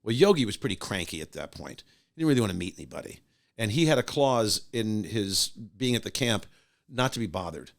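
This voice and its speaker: Lively older man telling a story. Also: on the low side, fairly quick, gravelly. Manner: animated anecdote teller, acting out voices of others. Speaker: podcast guest, musician and radio host. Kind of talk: casual storytelling.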